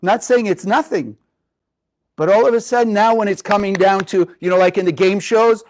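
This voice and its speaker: A man's voice: high voice, a little fast, a little mellow, low-quality recording. A man teaching a spiritual lesson to a live group, talking expressively and often putting questions to his listeners.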